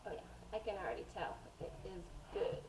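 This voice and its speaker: A woman's voice: medium pitch, lively intonation, fairly quick, echoey room, heavy background noise. A woman telling stories in a casual, rambling way while she bakes bread in her home kitchen. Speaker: home cooking vlogger. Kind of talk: casual storytelling while baking.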